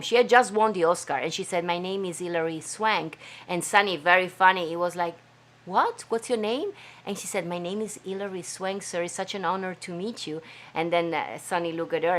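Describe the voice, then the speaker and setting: This is a woman with an Italian accent, hosting a casual live stream from home. She talks in an enthusiastic, chatty way, with plenty of fillers and small slips. Her voice sits fairly low for a woman. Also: fairly bright tone. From Venice, Italy. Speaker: host of a live stream show. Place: home studio.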